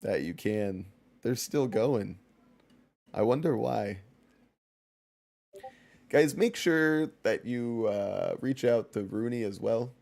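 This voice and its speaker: A man's voice: lowish voice, animated, slow, vocal fry, pauses often, a little mellow. Jokey man streaming a game. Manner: jokey, laughs often, talks to chat. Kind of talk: casual gameplay commentary.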